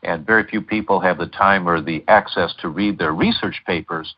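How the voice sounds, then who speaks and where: A man's voice: low-pitched, normal speed, highs cut off. A middle-aged man speaking as a guest doctor in an interview, telling stories with many fillers and restarts. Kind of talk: interview over a call.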